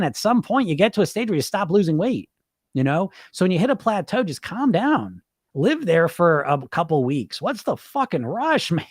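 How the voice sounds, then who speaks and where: A middle-aged man hosting a weight-loss podcast, talking bluntly and with swearing in an animated, unscripted monologue, laughing often and repeating his words. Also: fairly high pitch, no echo, studio quality.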